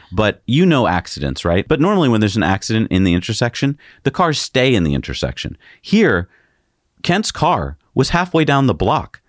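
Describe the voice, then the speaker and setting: A man co-hosting a casual tech news show, sarcastic and animated. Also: medium pitch, dry recording, studio quality. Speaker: co-host.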